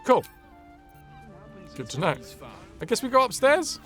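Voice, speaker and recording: A man's voice: very high voice, very animated, unhurried, pushed and bright, soft background music. A young man streaming a video game, chatting and joking playfully as he plays. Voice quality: jokey, playful, sings snippets. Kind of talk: live game commentary.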